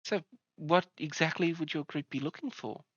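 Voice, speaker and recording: A man's voice: on the high side, normal speed, fairly bright tone, no echo, dull audio, pitched above the performer's own voice. A man voicing a welcoming, chatty female herbalist healer who talks with hesitant fillers.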